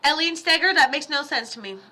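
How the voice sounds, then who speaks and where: A woman giving live psychic readings on a stream, chatty and rambling, with quick asides and quoted voices. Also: high-pitched, expressive, sharp tone, a little hiss or hum. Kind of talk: casual livestream readings.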